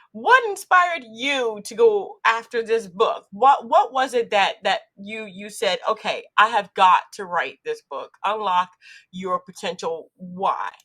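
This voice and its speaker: A woman's voice: medium pitch, a bit bright. A woman hosting an interview show, bubbly and exclamatory, laughing often as she talks. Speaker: podcast host. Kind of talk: upbeat interview chat.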